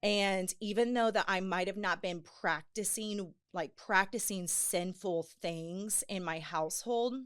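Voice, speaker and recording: A woman sharing a personal faith testimony on a podcast, earnest and animated, with many fillers. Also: medium pitch, unhurried, hardly any pauses, clear, resonant tone. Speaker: podcast guest. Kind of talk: personal testimony in casual chat.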